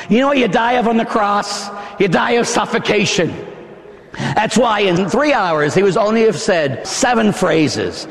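A man preaching a dramatic sermon, impassioned, acting out the scene with shouts and gasps. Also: high voice, expressive, unhurried. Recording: long hall reverb.

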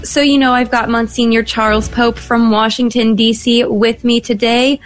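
A young woman hosting a live Catholic radio talk show, chatty, laughing at times, reading phone numbers slowly. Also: a little high, flat delivery, soft background music.

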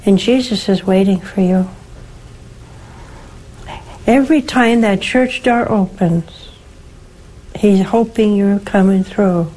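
Slow, gentle older woman preaching. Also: medium pitch, poor audio. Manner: slow, gentle, emphatic, with rhetorical questions. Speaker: nun hosting a call-in show. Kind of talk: religious teaching and call-in advice.

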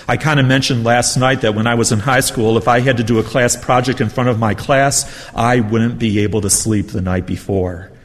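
A man's voice: lowish voice, long reverb tail. A man who is a priest leading a retreat, preaching in a conversational, self-deprecating way with personal anecdotes. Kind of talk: storytelling sermon.

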